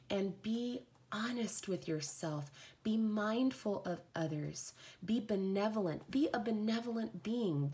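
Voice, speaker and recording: A woman's voice: on the high side, darkish tone. A woman giving a heartfelt, rambling live oracle card reading.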